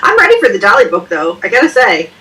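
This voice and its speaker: A woman's voice: mid-range voice, huge pitch swings, quick pace, bright, forceful tone, recorded from a distance. A woman co-hosting a book club livestream over a video call, talkative and joking. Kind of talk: casual chat.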